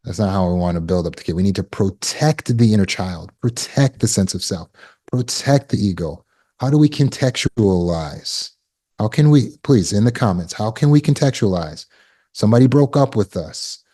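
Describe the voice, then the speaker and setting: A man with a deep, low voice leads a live online coaching class over a video call. He is encouraging, affirms answers with quick praise and keeps asking "right?". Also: lively intonation, mellow. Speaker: healing coach. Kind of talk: live online teaching session.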